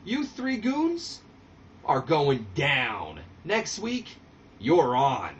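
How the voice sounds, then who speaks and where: A man's voice: a little high, huge pitch swings, drawn-out words, distant mic, highs cut off, slight background noise, full character voice. A man voicing a flashy, boastful male disco wrestler who taunts his rivals. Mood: taunting. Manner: taunting, startled bluster.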